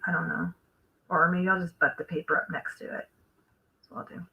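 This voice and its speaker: A woman's voice: lowish voice, little pitch movement, moderate pace, gravelly, dull audio. A woman hosting a live crafting stream, chatting casually and thinking aloud as she works. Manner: chatty, thinks aloud while working, trails off. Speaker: craft livestream host.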